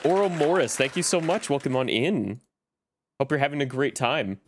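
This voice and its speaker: A man's voice: mid-range voice, lively intonation, moderate pace, a crowd in the background, background noise. A man streaming live in casual chat, greeting viewers by name as he talks.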